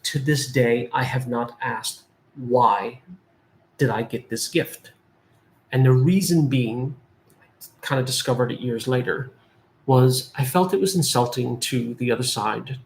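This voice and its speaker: Earnest male life guide in his forties, mid-pitched, speaks directly to viewers with repeated phrases. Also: creaky, slight background noise. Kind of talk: spiritual talk to viewers.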